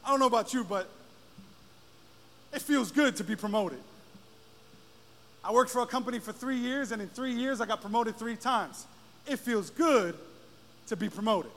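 Guy preaching in church, high bright voice, yells and stretches words, big hall echo. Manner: rises into shouted, drawn-out preaching. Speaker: pastor. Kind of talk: sermon. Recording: long hall reverb.

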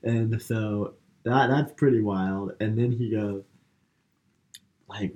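Male podcast co-host, deep-ish and unhurried, loose filler-heavy recap. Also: fairly even intonation, darkish tone, lo-fi sound. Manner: rambling, filler-heavy retelling with lots of "like" and "um". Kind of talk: casual movie recap chat.

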